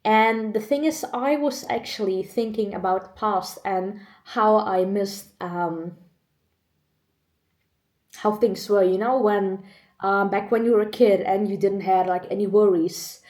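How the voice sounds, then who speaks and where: A woman's voice: medium pitch, unhurried, darkish tone, roomy sound. Emotional young woman talking to camera. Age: 20s. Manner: emotional, chatty, laughs often. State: choked up, on the edge of tears. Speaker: vlogger. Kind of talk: candid personal vlog. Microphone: camera mic.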